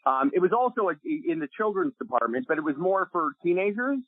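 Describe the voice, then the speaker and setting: A middle-aged man from Canada telling stories as a podcast guest, animated and casual, restarting sentences and swearing freely. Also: sits high, a little fast, dry recording. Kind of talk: storytelling interview. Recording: dry, tinny phone-like sound.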